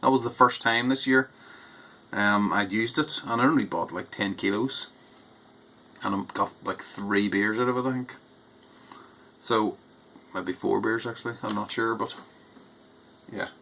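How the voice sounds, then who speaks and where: Homebrew host, male, slightly low bright voice, casual rambling tasting chat that hedges as it goes. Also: fairly even intonation, a little slow, creaky, pauses often. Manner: rambling, hedging, thinks aloud. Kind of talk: casual beer tasting review.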